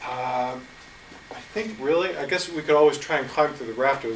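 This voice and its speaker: A man giving an impromptu answer at a club meeting, rambling and self-deprecating with hesitant pauses. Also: medium pitch, crowd noise. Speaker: impromptu speaker. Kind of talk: impromptu speech. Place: meeting room. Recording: roomy echo from far off.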